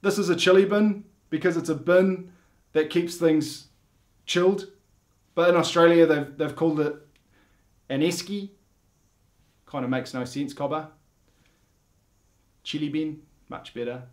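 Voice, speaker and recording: A man with a New Zealand accent delivers a mock instructional comedy video in a dry, deadpan way. He pauses often with ums and restarts his sentences. His voice sits a little above a typical male pitch. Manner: deadpan, hesitant with many ums. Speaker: comedy vlogger, dad.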